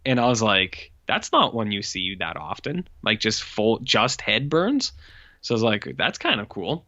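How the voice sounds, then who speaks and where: A man's voice: lowish voice, big pitch swings, a little slow, sharp tone, no echo. A man co-hosting a podcast, casually retelling a horror movie's plot with lots of fillers and acted-out character lines. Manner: rambling, heavy "like" fillers, acts out characters' lines. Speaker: podcast co-host. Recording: dry, dull lo-fi podcast mic.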